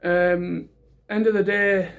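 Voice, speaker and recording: A man's voice: sits high, little pitch movement, slow pace, creaky. A man chatting casually to camera in a vlog, rambling with lots of restarts and fillers. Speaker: vlogger.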